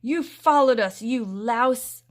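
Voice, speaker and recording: Woman doing a high, urgent young boy. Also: very animated, unhurried. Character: excitable young boy, worried and impatient.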